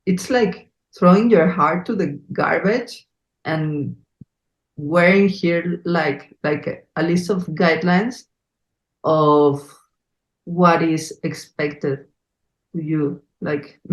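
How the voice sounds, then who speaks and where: A woman's voice: on the low side, slow, roomy sound, low-quality recording. A woman with a Mexico City Spanish accent hosting a podcast interview, talking in English in an earnest, effusive way with many fillers. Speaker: podcast host. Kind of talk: conversational interview.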